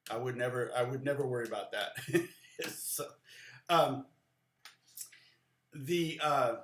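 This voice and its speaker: A man's voice: mid-range voice, slow, fairly bright tone, reverberant, slight background noise. A middle-aged man giving a casual live guitar lesson, rambling and chatty, with many restarts and side stories. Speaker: guitar teacher.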